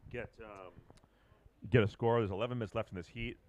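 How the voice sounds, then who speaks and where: A man commentating live at a surf contest, chatting casually and bursting into excited shouts on big waves. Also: lowish voice, brisk, lo-fi sound. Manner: calls big moves with sudden excited shouts.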